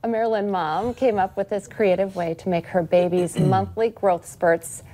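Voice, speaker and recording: A woman's voice: mid-range voice, fairly even intonation, moderate pace, dark tone. A woman news anchor with a mid-range voice, chatting casually in a studio between light news items. She switches easily between reading a story and joking along with her co-anchor. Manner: chatty, playful, reads stories then jokes along. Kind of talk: casual on-air banter between news stories.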